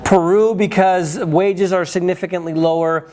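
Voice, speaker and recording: A man's voice: sits high, fairly even intonation, moderate pace, a little mellow. A man whose first language is Spanish, talking casually to the camera as a travel vlogger, chatty and opinionated, thinking aloud as he goes.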